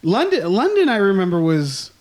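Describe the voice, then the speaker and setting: A man's voice: high-pitched, huge pitch swings, normal speed, a little mellow. A man in his thirties telling rambling, self-mocking stories in a casual chat, laughing often. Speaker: podcast guest.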